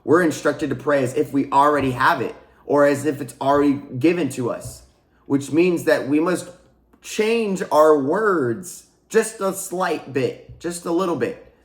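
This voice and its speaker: A man's voice: a little high, measured pace, roomy sound. A man giving a casual spiritual teaching monologue, earnest and repetitive, restarting phrases and addressing his viewers as guys. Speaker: spiritual coach and channel host.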